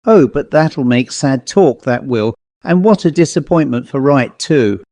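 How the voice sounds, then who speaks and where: A man's voice: mid-range voice, expressive, a little slow, darkish tone, no room sound. A man voicing a humble, fretful village parish clerk with a rustic way of speaking. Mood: shocked. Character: deferential, easily shocked male parish clerk.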